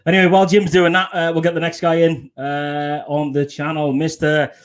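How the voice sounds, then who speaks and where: A man's voice: a little high, flat delivery, normal speed. A British man hosting a casual live stream, bantering, swearing and laughing with guests. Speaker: livestream host. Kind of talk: casual livestream chat.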